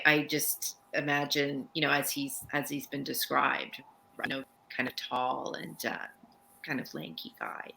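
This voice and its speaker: A woman's voice: very deep voice, vocal fry, pushed and bright, a little hiss or hum, low-quality recording. A middle-aged woman author on a video call, talking thoughtfully and searching for her words. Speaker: author guest. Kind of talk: casual interview chat.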